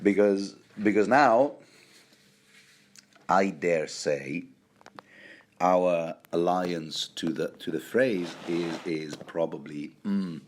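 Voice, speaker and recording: Male podcast host, low voice, slow, rambling, self-deprecating, recorded at home. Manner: rambling, hesitant, self-deprecating, lots of restarts. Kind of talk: rambling book commentary.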